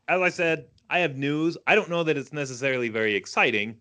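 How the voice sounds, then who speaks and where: Casting: man in his thirties, bright forceful tone, loose rambling podcast delivery. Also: fairly high pitch, animated, fast. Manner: rambling, self-correcting explanations. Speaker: podcast co-host. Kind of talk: casual chat.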